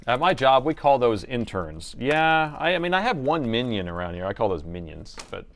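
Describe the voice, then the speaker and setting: A man's voice: mid-range voice, very animated, normal speed. A middle-aged man on a laptop repair live stream, rambling and joking while he works in his workshop. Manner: rambling and joking, thinks aloud, slips into an announcer voice.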